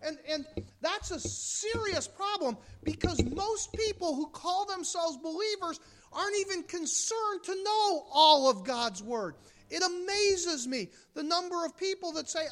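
A woman's voice: very high-pitched, animated, unhurried. A woman from the United States preaching a sermon, emphatic, with rhetorical questions and mocking asides.

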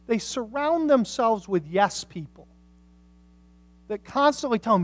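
A woman preaching a sermon with passion, swinging from hushed lines to loud, emphatic ones. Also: fairly high pitch, expressive, unhurried, pauses often.

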